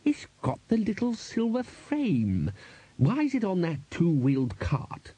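A man's voice: high-pitched, wildly swooping pitch, unhurried, dark tone, husky, voice pushed up, heavily acted. A man voicing a fussy, elderly male wizard bursar with a reedy, indignant muttering voice.

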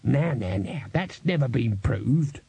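Man doing a wheedling, smooth-talking trader. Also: medium pitch, lively intonation, slow pace, mellow, dry recording, exaggerated voice. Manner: wheedling, soothing. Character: smooth-talking male street trader and promoter. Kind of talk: audiobook character voice.

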